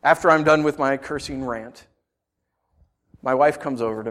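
A man preaching a sermon, telling stories with sudden shouted bursts and rhetorical questions to the congregation. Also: medium pitch, moderate pace, long pauses. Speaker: pastor.

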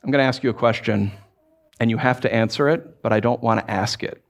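A man's voice: medium pitch, brisk, gravelly. A male pastor preaching a sermon in a conversational, playful way, with self-deprecating humor and emphatic repetitions.

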